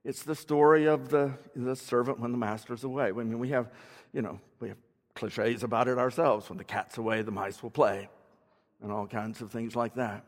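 A man's voice: mid-range voice, steady tone, moderate pace. A man giving a teaching sermon in a conversational way, explaining words and asking his listeners questions. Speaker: preacher. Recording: long hall reverb.

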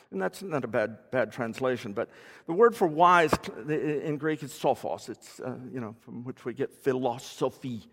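A man giving a teaching sermon in a conversational way, explaining words and asking his listeners questions. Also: mid-range voice. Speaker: preacher. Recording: long hall reverb.

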